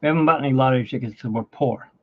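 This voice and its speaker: A middle-aged man with hiccups chatting casually at home while drawing, rambling and animated, his pitch jumping up when he gets excited. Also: rapid-fire. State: has hiccups. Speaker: artist and channel host. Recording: dull lo-fi home recording.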